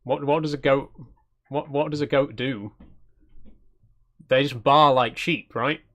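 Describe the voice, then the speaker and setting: A man's voice: mid-range voice, steady tone, measured pace, fairly bright tone. A man hosting a channel, giving casual gameplay commentary in an easygoing, self-conscious way and chatting with viewers. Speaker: channel host.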